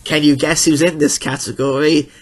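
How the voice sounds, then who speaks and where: A man with a slightly raised pitch talks in a relaxed, jokey way, tossing out quick opinions. He keeps the casual chat rolling with easy banter. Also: slightly rough. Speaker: co-host of a wrestling awards chat.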